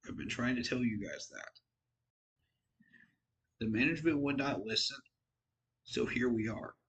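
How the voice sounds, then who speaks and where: A man's voice: medium pitch, a little slow, a bit bright, highs cut off. A tired man giving casual, frank football commentary on his own channel, rambling and poking fun at himself. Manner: rambling, frank, self-deprecating. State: tired, yawning. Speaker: sports fan vlogger.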